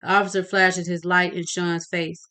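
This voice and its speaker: A woman reading her novel aloud in a steady narrating voice, with occasional slips. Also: on the low side, normal speed, clear, resonant tone. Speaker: audiobook reader.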